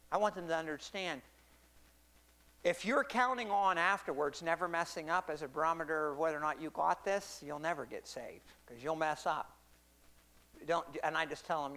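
A man's voice: fairly high pitch, normal speed, a bit bright. Man, casual preacher, restarts a lot and keeps asking "right?". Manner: rambling, self-correcting, checks in with "right?" and "okay?". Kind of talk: conversational sermon.

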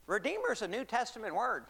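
A man's voice: high-pitched, vocal fry, a bit bright, slightly rough. Rambling preacher man. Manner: rambling, self-correcting, checks in with "right?" and "okay?". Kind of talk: conversational sermon.

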